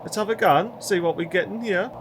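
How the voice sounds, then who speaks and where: A man with a Geordie accent giving excitable, slangy, mildly sweary commentary as he plays a game. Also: high voice, brisk, slight background noise. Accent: Geordie, North East England. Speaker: let's play host. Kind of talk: gameplay commentary.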